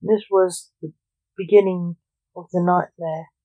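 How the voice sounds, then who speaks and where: A narrator reading an audiobook story in a slow, even delivery. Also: medium pitch, no room sound. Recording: narrow phone-like sound.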